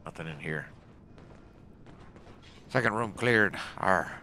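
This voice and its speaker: A man with a very deep voice gives casual commentary over his gameplay. He grumbles as he goes, growling "arr" and tacking "I swear" onto his remarks. Steady background noise sits under the recording. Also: moderate pace. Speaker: gaming channel host.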